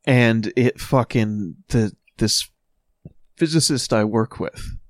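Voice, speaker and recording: A man's voice: lowish voice, no echo. Grumbling, profane podcast guy. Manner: profane, grumbling, quick-tempered. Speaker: podcast co-host. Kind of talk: casual podcast chat.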